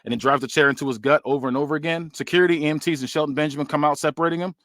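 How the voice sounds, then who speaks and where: A man's voice: fairly high pitch, steady tone, racing, fairly bright tone, no room sound, clean studio sound. A man hosting a podcast, casually narrating a wrestling storyline play by play with plenty of "um"s. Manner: rambling, many "um"s and restarts. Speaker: podcast host presenting a fantasy booking.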